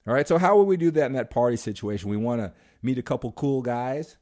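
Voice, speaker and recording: A man leads a motivational seminar on influence, speaking in a mid-range voice. He talks straight to his audience and slips into quick put-on voices for example exchanges. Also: medium pitch. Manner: animated, acts out quoted voices. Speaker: coach.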